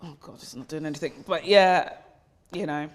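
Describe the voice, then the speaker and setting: A woman's voice: deep voice, normal speed. A woman, hosting a podcast and founder of the charity, talking candidly and from the heart, with casual swearing. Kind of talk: podcast conversation.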